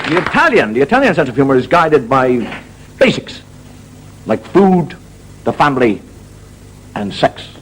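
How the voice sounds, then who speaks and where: An Irish man tells jokes in a stand-up set, his voice sitting high and swinging widely as he builds each story. The recording is an old, noisy television studio tape. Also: sing-song, normal speed, long pauses, crowd noise. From Ireland. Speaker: comedian. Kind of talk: stand-up monologue.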